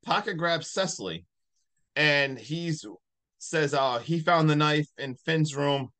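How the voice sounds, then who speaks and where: A man hosting a podcast, casually recapping a movie in a rambling, animated way full of "like". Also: on the high side, slow. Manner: rambling, animated retelling with many likes. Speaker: podcast host.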